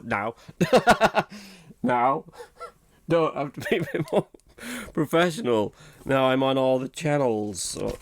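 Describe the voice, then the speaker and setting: A man chatting alone at his desk for a podcast at a middling pitch. He wanders off topic, laughs at his own mistakes and keeps up a loose, self-mocking patter. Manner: rambling and self-mocking, laughs often at himself. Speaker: podcast host. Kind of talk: casual solo podcast chat.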